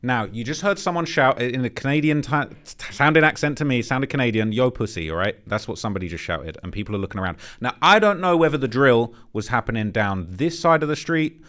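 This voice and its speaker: A man's voice: medium pitch, fairly quick, few pauses, a little hiss or hum. Blunt slangy man reacting to footage. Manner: animated, speculative, slangy and blunt. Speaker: commentary channel host. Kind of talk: crime-footage reaction commentary.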